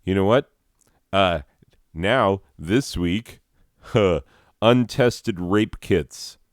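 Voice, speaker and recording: A man with a very low voice and an unhurried delivery rambles through a profane, mock-ranting comedy monologue. The sound is close and dry, with no room around it. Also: no room sound. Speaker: podcast host.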